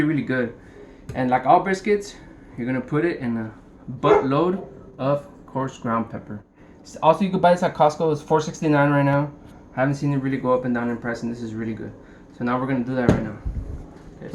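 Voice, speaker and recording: Joking young man demoing brisket prep. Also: mid-range voice. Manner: joking, rambling, swears casually. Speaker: home cook showing a brisket recipe. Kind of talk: casual cooking demonstration. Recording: noisy room ambience.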